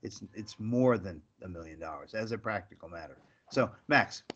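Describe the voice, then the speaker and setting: A man's voice: on the low side, expressive, normal speed, a bit bright. Emphatic male host, dull lo-fi sound. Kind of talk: interview hosting, political commentary.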